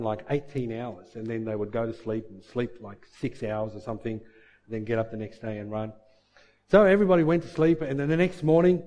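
A man telling a story with lively energy, acting out the people in it and sometimes repeating words as he goes. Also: medium pitch. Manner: animated, acts out quoted voices, repeats words when excited. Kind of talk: motivational storytelling.

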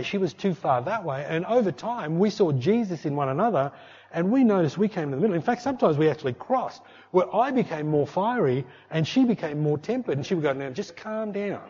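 A pastor in middle age delivers a sermon in a lively, chatty way, tossing in "eh" and "hey" as he goes. His voice sits a bit high for a man. The recording is muffled and lo-fi, as if taken from the stage mic. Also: brisk, breathy edge. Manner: animated, conversational preaching with tag questions.

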